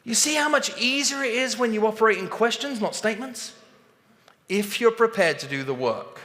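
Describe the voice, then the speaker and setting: A man giving a motivational talk on a stage, animated and acting out both sides of conversations. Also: sits high, moderate pace, long reverb tail. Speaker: sales trainer speaking on stage.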